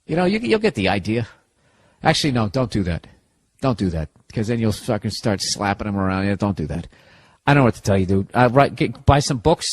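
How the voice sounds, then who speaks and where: A man's voice: on the low side, big pitch swings, brisk, dry recording. A man with a Boston accent hosting a podcast, giving rambling, profane, sarcastic advice in a casual comedic monologue. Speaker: podcast host. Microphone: podcast studio mic.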